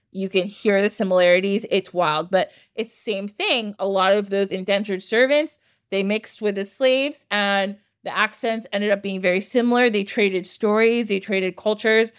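Woman podcast host, casual chatty delivery, enthusiastic, wanders off on tangents. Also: medium pitch.

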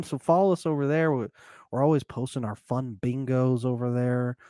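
A man's voice: mid-range voice, flat delivery, normal speed, dark tone, smooth, no room sound, studio quality. A man co-hosting a casual podcast chat over a remote call, chatty and laughing often. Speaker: podcast co-host.

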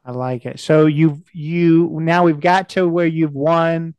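A man hosting a podcast interview, asking questions in a halting way with frequent restarts. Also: a little high, fairly even intonation, a little mellow, clean tone, no echo. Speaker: podcast host. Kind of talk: casual interview.

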